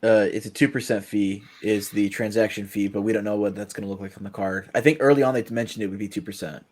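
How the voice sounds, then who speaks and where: A man's voice: lowish voice, fairly even intonation, quick pace, a little mellow. A man speaking as a panelist in a casual live-stream discussion, teasing the others with dry jokes. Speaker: round table panelist.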